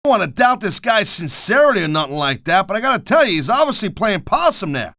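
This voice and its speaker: A man's voice: sits high, sing-song, fast talker, pushed and bright, no room sound, studio quality. A middle-aged man doing color commentary for a wrestling video game, blunt and wisecracking with tough-guy slang.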